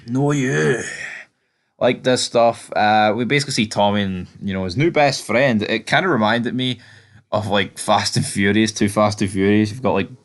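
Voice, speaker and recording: A man's voice: on the low side, a bit bright. A young man giving a casual, rambling recap of a TV episode, full of fillers and restarts. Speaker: TV episode reviewer.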